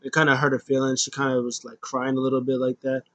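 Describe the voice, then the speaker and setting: A man's voice: mid-range voice, fast, dry recording. A man recapping a wrestling show in a casual, rambling way, full of ums and uhs. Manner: rambling, filler-heavy, animated.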